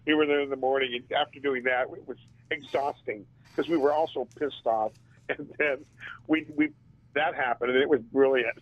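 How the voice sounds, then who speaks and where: A man, a band drummer and interview guest, telling stories in a casual and animated way and laughing often. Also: mid-range voice, normal speed, dry recording. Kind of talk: casual storytelling. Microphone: phone. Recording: tinny phone line.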